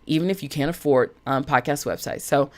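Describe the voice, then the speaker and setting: A woman's voice: low-pitched, brisk. Chatty woman hosting a live stream. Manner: chatty, animated, greets viewers by name. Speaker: live stream host, budget coach. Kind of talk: casual live stream chat.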